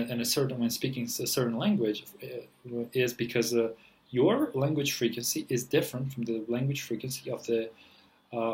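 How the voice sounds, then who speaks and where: A man's voice: medium pitch, rough recording. Man rambling through a casual lesson. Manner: rambling, many fillers and self-corrections. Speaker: language teacher.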